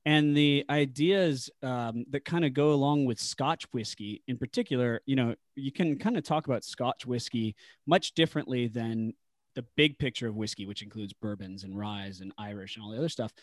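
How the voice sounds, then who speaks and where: A man talking through his points in a loose, conversational podcast manner, pausing on fillers as he explains. His voice sits at an ordinary middle pitch. The sound is dry and close. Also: no room sound. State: married. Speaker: podcast guest, whisky enthusiast. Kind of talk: casual podcast chat.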